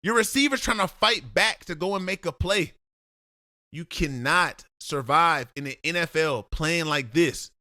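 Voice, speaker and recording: A man's voice: a little high, unhurried, pushed and bright, no echo, studio quality. A man breaking down game film as a football analyst, blunt and lecturing, talking straight at the player he critiques.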